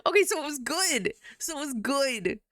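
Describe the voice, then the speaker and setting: A young adult woman chatting casually with her live-stream viewers, giggly and animated, swearing now and then. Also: sits high, normal speed, no room sound, clean studio sound.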